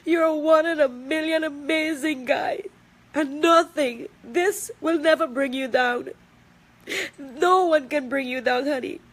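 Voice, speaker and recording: A woman's voice: high voice, a little slow. A middle-aged woman with a Trinidadian accent making an emotional personal video statement, tearful and emphatic, repeating herself for weight. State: crying at times.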